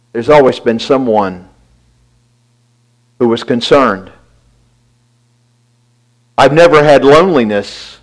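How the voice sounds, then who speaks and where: A man giving a devotional talk, earnestly retelling a friend's words and quietly counting his blessings. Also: medium pitch, poor audio. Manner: reflective, quiet listing of blessings.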